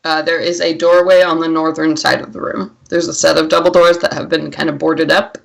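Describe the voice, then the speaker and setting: A woman narrating as game master of a tabletop game, playful and excitable, swearing casually. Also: low voice, brisk, gravelly, poor audio.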